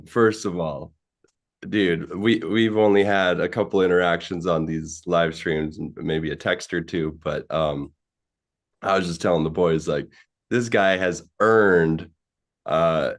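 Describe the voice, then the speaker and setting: A man hosting a live stream, laid-back and slangy, halting with fillers. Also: low voice. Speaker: host. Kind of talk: casual live-stream talk.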